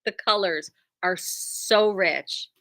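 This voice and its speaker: A woman's voice: mid-range voice, slow, fairly bright tone, no room sound. A woman who runs a quilt shop, showing off new fabrics in a chatty, rambling, self-deprecating way from inside her shop. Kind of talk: casual product showcase.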